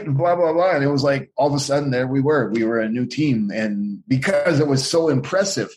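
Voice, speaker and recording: A man's voice: a little high, lively intonation, moderate pace. A middle-aged man in a casual interview, telling rambling, profane stories and acting out what others said. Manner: profane, rambling, acts out quoted voices. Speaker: guest, former pro wrestler.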